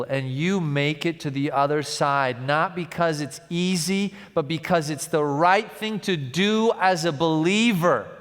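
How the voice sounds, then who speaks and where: Man preaching in a reverberant church. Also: sits high. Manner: storytelling, swings from loud to hushed. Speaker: pastor. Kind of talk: sermon. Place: large church. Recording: long church hall reverb.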